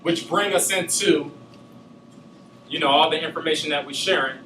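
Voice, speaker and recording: A man's voice: fairly high pitch, normal speed, pushed and bright, reverberant, distant mic, slight background noise, low-quality recording. A man giving a class presentation, talking loosely with many filler sounds. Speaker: student giving a class speech.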